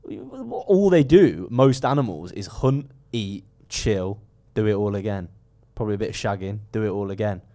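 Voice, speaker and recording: A man co-hosting a football podcast, giving blunt, dry takes and acting out flat mock dialogue. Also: on the low side, moderate pace, hardly any pauses. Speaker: podcast co-host. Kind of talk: casual chat.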